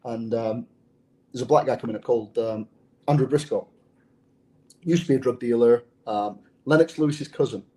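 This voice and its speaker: Interview guest, male former undercover cop: dark, mellow tone, blunt and profane, restarts his phrases. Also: mid-range voice, moderate pace, long pauses. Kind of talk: casual interview storytelling.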